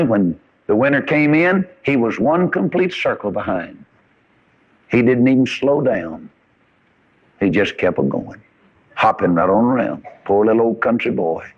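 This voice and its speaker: A man's voice: fairly low pitch, highs cut off. An older man preaching a sermon in a folksy storytelling manner, his voice rising and stressing words as he builds a point, on an old recording.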